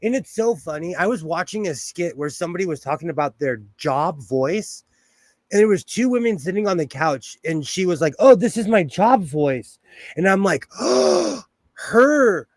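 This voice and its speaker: A man's voice: a little high, animated, a little fast, no room sound. A man from the United States hosting a casual sewing live stream, chatty and playful, laughing often as he talks to viewers from his home sewing room. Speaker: sewing livestream host.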